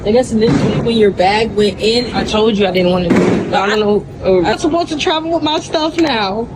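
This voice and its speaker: A woman's voice: medium pitch, brisk. Frustrated woman at a noisy airport. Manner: frustrated, complaining. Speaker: beauty school student. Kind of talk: casual phone vlog.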